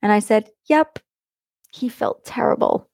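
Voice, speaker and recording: A woman's voice: mid-range voice, normal speed, darkish tone, dry recording, clean studio sound. A middle-aged woman hosting a podcast and telling a personal story in a chatty, blunt way, laughing often. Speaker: podcast host. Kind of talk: casual storytelling monologue.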